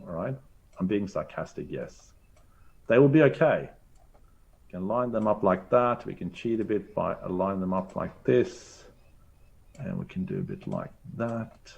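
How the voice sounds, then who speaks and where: Upbeat man demoing software. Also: fairly low pitch, vocal fry, lo-fi sound. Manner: upbeat, chatty, thinks aloud while clicking. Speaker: teacher presenter. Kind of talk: live screen-share demo lesson.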